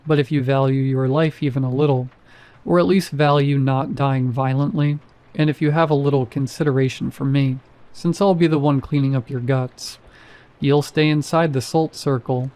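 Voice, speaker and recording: A man voicing an apathetic male night security guard who speaks in a flat, bored monotone. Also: mid-range voice, moderate pace, natural voice.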